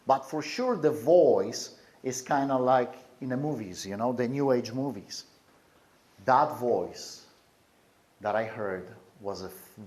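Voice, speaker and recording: Man, personal testimony, earnest, intense, repeats himself, mid pitch. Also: darkish tone.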